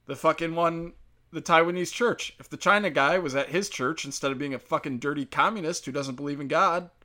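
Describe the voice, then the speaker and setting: A man's voice: on the high side, bright, forceful tone. A man from the United States hosting a casual solo rant, sarcastic and full of profanity.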